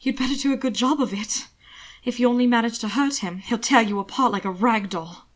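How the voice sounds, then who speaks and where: Woman voicing a calm young man, firm, reassuring, lifted pitch, storybook hero. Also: a little fast, lightly acted. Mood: defiant. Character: calm, defiant young male husband.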